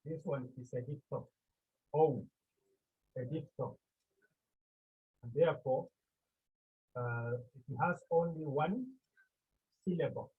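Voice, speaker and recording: A man from Cameroon teaching a Greek class. He talks slowly and deliberately, repeats the key terms and asks the class questions. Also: fairly high pitch, breathy edge. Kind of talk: classroom lecture. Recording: muffled phone-like classroom recording.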